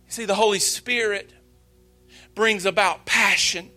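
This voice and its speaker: Pastor in his late 30s, sermon, very high voice, slow, heartfelt delivery. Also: fairly even intonation, bright, forceful tone, faint music behind. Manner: earnest, confessional, slow and emphatic.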